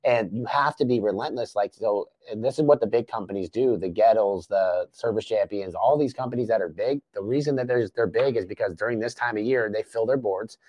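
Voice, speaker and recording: Lower-voiced man, quick emphatic host. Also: darkish tone, no echo. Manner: emphatic, coaching tone, swears at times. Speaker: podcast host, business coach. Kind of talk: casual business podcast chat.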